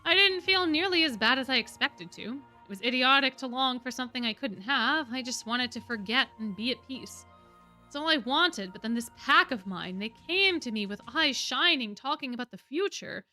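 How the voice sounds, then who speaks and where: A woman's voice: high-pitched, animated, normal speed, sharp tone, faint music behind. A woman reading a brooding, defeated young lion beastman prince in a weary inner monologue from a novel. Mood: bitter, brooding.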